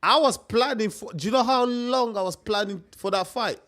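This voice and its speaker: A young man with a fairly high voice hosts a live stream. He chats casually, rambles and repeats himself, and keeps calling his listeners mate. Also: moderate pace, a bit bright. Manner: chatty, repetitive, peppers talk with "mate".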